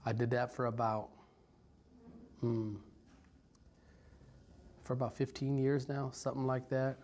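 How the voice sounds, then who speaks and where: A man in his forties from Stockton, California, telling his life story in an interview, reflective and halting with many pauses and ums. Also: medium pitch, little pitch movement, a little mellow, slight background noise. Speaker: violence prevention worker. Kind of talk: personal story told in an interview.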